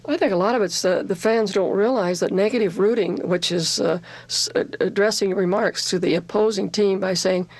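A woman who coaches softball, chatting on the radio and telling lively stories. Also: medium pitch, a little fast, hardly any pauses, breathy edge. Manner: lively storyteller who mimics people. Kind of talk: casual radio talk.

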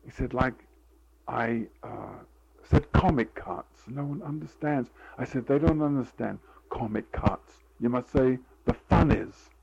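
A man's voice: medium pitch, measured pace, creaky, darkish tone, breathy edge, dull audio. An older man telling rambling stories in an interview, with many fillers, acting out the dialogue he recalls. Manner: meandering, full of fillers, acts out quoted dialogue. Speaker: interviewee telling a life story. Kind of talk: rambling anecdotal storytelling.

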